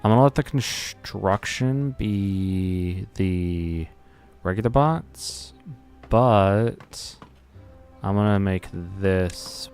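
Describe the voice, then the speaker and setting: A man's voice: deep voice, very slow, a little mellow, clear, resonant tone, faint music behind. A man streaming a video game, chatting casually and rambling to himself as he plays. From Greek family background. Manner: rambling, talks to himself while playing. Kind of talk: casual gameplay commentary.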